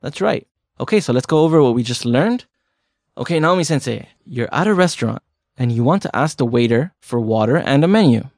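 A man's voice: medium pitch, expressive, a little fast, a little mellow, no echo, studio quality. A man hosting a casual language lesson podcast, chatty and explaining with examples. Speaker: podcast host.

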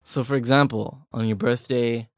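A man's voice: mid-range voice, steady tone, moderate pace, no room sound. Laid-back man teaching language, dry mic. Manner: laid-back, chatty, joking. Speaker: language podcast co-host. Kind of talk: casual teaching chat.

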